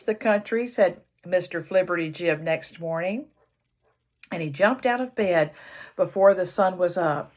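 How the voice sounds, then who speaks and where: A woman reading a children's picture book aloud in an expressive storyteller's way, imitating the animal sounds. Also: mid-range voice.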